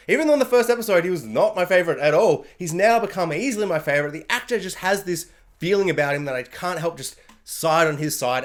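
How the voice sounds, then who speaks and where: An excitable man with a high-pitched voice gushes through a review of a TV season, stacking up superlatives. Every so often he breaks into quick impressions of the characters.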